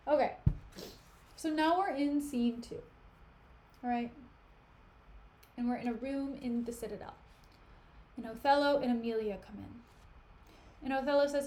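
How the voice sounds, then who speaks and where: Chatty woman streamer, fairly high voice. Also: moderate pace, pauses often, a little mellow. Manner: slangy, chatty, with fillers. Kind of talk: casual retelling of a play.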